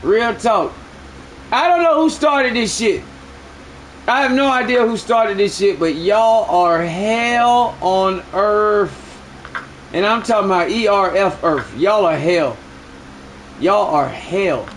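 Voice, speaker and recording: Male game streamer with a strikingly high voice; loud, jokey, profane live banter over a faint hum. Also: expressive, unhurried.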